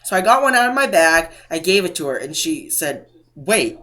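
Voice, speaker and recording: Man, from New England, storytime vlogger, casual, rambling, self-correcting, bright tone. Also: a little high, very animated, a little fast. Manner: rambling, self-interrupting, mimics other people. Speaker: couponing vlogger.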